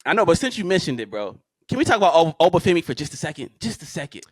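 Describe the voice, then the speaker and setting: A man co-hosting a podcast, talking in a slangy, joking, animated casual chat. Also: a little high, racing, dry recording. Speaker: podcast co-host.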